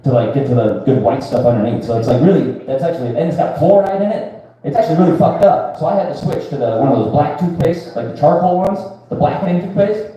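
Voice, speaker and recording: A man's voice: a little high, animated, quick pace, dark tone. A man in his thirties doing a live stand-up set, crude and rambling, often asking the crowd "right?". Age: 30s. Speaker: stand-up comedian. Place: live comedy venue with a crowd. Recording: echoey room picked up from far off.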